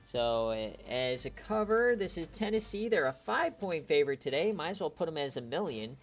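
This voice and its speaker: A man giving casual, joking live-stream commentary on a league game as its host, teasing players and getting loud and excited at big plays. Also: a little high, moderate pace, soft background music.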